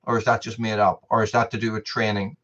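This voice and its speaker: A man's voice: lowish voice, level tone, quick pace, a bit bright, dull audio. A man hosting a casual live stream, chatting with viewers in a rambling way, full of restarts and repeated words.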